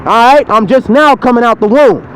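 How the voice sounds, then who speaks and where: A man with a high voice delivers a fiery, repetitive sermon in the open air beside a street. He swears freely and drives each point home by saying it over and over. A faint hum of traffic runs underneath. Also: normal speed, low-quality recording. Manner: heated, repetitive, profane preaching. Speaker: street preacher. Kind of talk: impassioned outdoor sermon.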